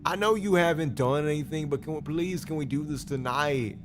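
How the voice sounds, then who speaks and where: A man's voice: fairly high pitch, fairly quick, background noise. Pleading, rambling male streamer. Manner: pleading, rambling, with stumbles and repeated apologies. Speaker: streamer host. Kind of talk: comedic dramatic reading of messages.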